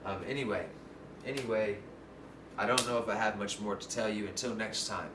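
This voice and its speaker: A man's voice: on the low side, brisk. A man hosting his own channel, musing in a loose, rambling monologue and often asking if you follow him. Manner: rambling, keeps asking "you know what I'm saying?". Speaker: channel host. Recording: roomy, distant mic, faint background noise.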